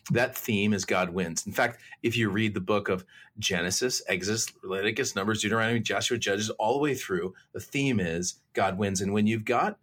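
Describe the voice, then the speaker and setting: Husky low-voiced man telling faith stories. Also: moderate pace. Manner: animated storyteller, many restarts. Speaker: guest. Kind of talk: faith talk show storytelling.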